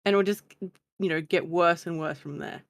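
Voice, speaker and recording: A woman's voice: fairly low pitch, brisk, no room sound. A woman guest in a casual stream chat who laughs often and talks with animation.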